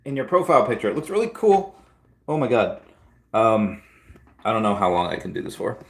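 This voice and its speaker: Male livestream host, a bit low-pitched, loose and rambling delivery with frequent restarts. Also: sing-song, a little fast, vocal fry. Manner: rambling, restarts and repeats words. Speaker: livestream host answering chat. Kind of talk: casual livestream chat.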